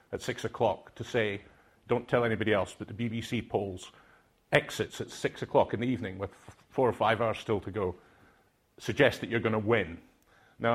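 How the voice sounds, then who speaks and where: A man's voice: on the low side, slightly rough. An older man from Aberdeen with a Scottish accent, speaking to a conference audience in a reflective, hesitant way with many fillers. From Aberdeen, Scotland.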